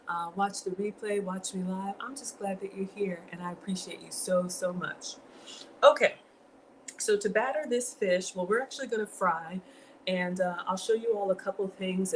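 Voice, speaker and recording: This home cook, streaming live from her kitchen, has a Southern US accent and a mid-range voice, and she's middle-aged. She chats easily as she cooks, calling out viewers by name and reading comments. There's slight background noise, and the recording is rough.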